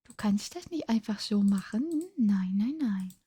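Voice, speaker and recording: A tired woman chatting in a breathy whisper during an ASMR livestream, switching between two languages. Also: medium pitch, expressive, a little slow, dark tone, no echo. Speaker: ASMR streamer.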